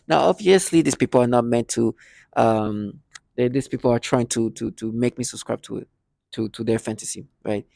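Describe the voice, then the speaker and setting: A man's voice: medium pitch, normal speed, gravelly, warm tone, no room sound, studio quality. A man speaking in a rambling personal monologue, full of restarts and repeated words, acting out remembered conversations. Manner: acts out both sides of remembered conversations. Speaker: vlogger.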